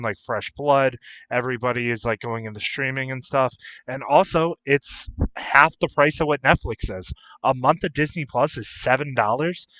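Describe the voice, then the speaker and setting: A man co-hosting a casual review chat, telling what he saw in an animated way and acting out his own reactions. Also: mid-range voice, no echo, poor audio. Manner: animated, acts out his reactions with voiced quotes. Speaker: co-host and reviewer. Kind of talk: casual pop-culture chat.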